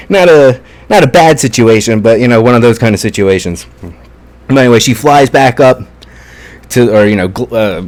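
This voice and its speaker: An excitable man talks through an anime episode in a loose, casual review. He swears freely and leans on fillers as he retells the fight scenes. His voice sits at an ordinary middle pitch. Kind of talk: casual spoken review and recap.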